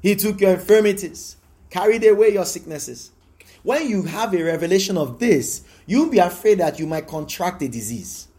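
A man with a notably high voice preaches a sermon to his congregation. He hammers his points home by repeating them, and his voice climbs into bursts of exclamation. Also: expressive, normal speed, darkish tone. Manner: emphatic, repetitive preaching with rising exclamations. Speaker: pastor.

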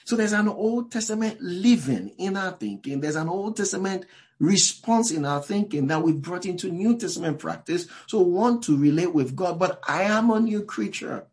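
A man's voice: sits high, animated, normal speed, a little mellow. A man preaching a sermon to a live congregation in a church. He talks in a loose, conversational way, drops in many asides and asks the listeners questions directly. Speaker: pastor.

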